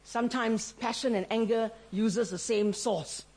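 A woman's voice: on the high side, a little slow, darkish tone, slightly rough. A middle-aged woman preaching a sermon, telling stories with animation, acting out the voices she quotes and laughing often.

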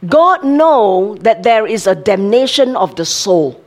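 A woman's voice: medium pitch, expressive, slow pace. An older woman, a grandmother, preaching a sermon in a conversational way, often checking with listeners and laughing.

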